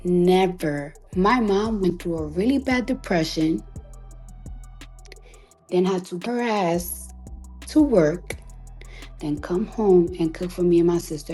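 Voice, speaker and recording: A woman artist delivering an emotional, defiant monologue on a live audio chat, repeating herself for emphasis, swearing freely and sometimes dropping to a hushed whisper. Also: on the low side. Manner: emphatic, defiant, repetitive, profane; slows to a hushed whisper at times. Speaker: recording artist.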